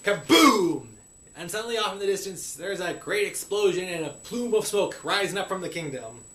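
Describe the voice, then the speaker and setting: A man recapping a cartoon episode in a playful pirate persona, saying "be" for "is" and slipping into quick voices for the characters. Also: high voice, fairly bright tone. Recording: echoey room with faint hiss.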